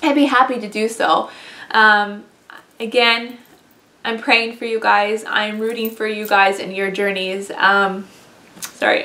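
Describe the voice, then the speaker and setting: A woman's voice: medium pitch, flat delivery, a little slow. A woman vlogger giving earnest, heartfelt encouragement directly to her viewers. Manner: earnest and encouraging, speaks gently. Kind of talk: heartfelt direct-to-camera talk. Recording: echoey room.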